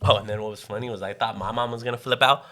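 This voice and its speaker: A man's voice: on the low side, fairly even intonation, very fast, bright, forceful tone. A man, co-hosting a casual podcast, telling a story full of swearing and acted-out quotes. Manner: swears constantly, acts out quoted voices. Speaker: podcast co-host.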